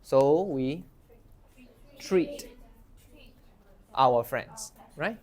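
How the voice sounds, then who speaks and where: A man's voice: mid-range voice, lively intonation, drawn-out words, darkish tone. A man teaching an English class, asking students questions and modeling phrases for them to repeat. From Myanmar. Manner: encouraging, asks questions, models phrases for repetition.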